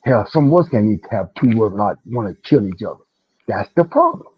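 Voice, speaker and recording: Animated man on a dull call line. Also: fairly quick, breathy edge, no echo. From Detroit. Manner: animated, rising to a high pitch when venting. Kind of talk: casual panel discussion. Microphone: online call mic. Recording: dull, lo-fi online call audio.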